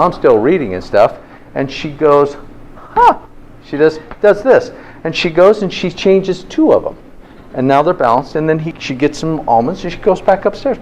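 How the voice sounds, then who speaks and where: This motivational health talk is hosted by a man whose voice runs a little high. He's an animated storyteller who fires off rhetorical questions, and the rough audio carries a faint hiss or hum.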